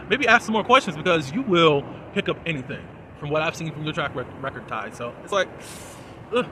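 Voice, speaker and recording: Bright-voiced man recapping a show. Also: on the high side, slight background noise. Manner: chatty, animated, lots of fillers and "da, da, da". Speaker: TV episode reviewer. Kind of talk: casual recap and commentary.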